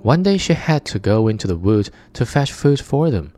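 A man with a low, mellow voice reads a fairy tale aloud in a measured, expressive way. His tone is dark and relaxed. Soft music plays faintly under his narration. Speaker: storyteller.

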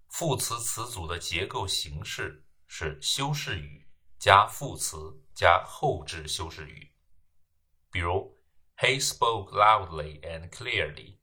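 Slow, deep-voiced male grammar lecturer. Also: animated, bright, forceful tone, husky. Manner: measured, explains terms then reads examples. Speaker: English grammar teacher. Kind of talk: slow lecture narration with read example sentences.

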